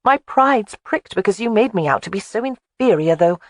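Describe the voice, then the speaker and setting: A woman's voice: medium pitch, expressive, no room sound, studio quality, pitched above the performer's own voice, close to an everyday voice. Narrator voicing a stubborn spirited young woman. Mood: indignant. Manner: headstrong, quick to argue. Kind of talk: audiobook character voice.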